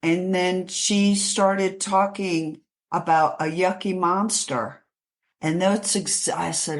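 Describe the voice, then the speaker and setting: A woman from New York City, an author being interviewed, telling her life story in a halting way with many restarts. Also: fairly low pitch, steady tone.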